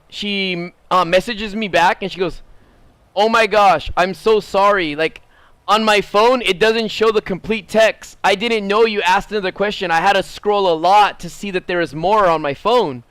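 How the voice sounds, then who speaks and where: Man, 30s, from Southern California, high voice, animated storyteller, dry close mic. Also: clear, resonant tone, no echo. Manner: animated, rising to excited high bursts when quoting himself. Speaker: streamer. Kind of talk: casual storytelling while gaming.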